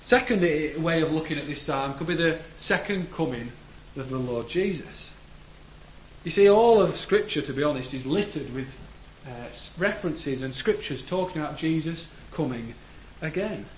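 A man preaching a sermon in a church, earnest, rising to emphatic declarations and letting phrase ends fall low. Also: normal speed, hardly any pauses. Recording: echoey room with faint background noise.

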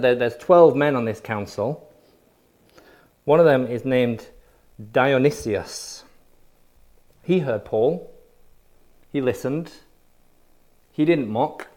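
Emphatic preacher. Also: male voice, mid-range voice, a little mellow. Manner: emphatic, punchy repetition. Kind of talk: sermon.

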